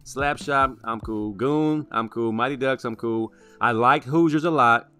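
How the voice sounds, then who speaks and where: A man co-hosting a sports show, talking through favorite movies in a casual, animated way and tacking "man" onto lines. Music plays faintly underneath. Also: mid-range voice, smooth. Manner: animated, drawn-out "man" asides.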